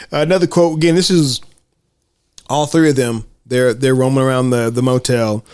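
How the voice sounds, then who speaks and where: A man hosting a casual film discussion podcast, animated, often acting out quotes in high voices. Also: measured pace, clean tone, dry recording. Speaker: podcast host.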